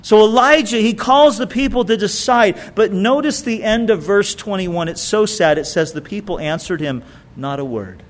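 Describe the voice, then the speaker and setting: Animated, high-voiced male preacher. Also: moderate pace. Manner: expressive preaching, reading scripture aloud with asides. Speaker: pastor. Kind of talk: sermon.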